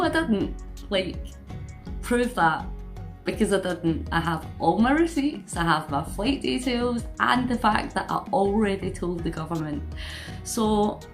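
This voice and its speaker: A woman from Scotland with a Scottish accent, chatting to camera as a vlogger and telling a story with incredulous asides. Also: mid-range voice. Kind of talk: casual chat to camera.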